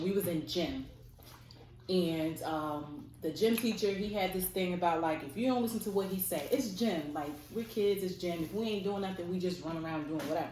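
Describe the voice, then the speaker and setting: A woman vlogger casually telling a personal story to camera. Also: on the low side. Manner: casual, lively storytelling with fillers. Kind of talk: storytime chat. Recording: echoey room, faint noise.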